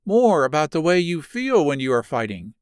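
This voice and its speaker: A man reading the part of a curious, eager young woman who presses with questions, raising his voice higher for her. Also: big pitch swings, normal speed, clear, resonant tone, no echo, studio quality.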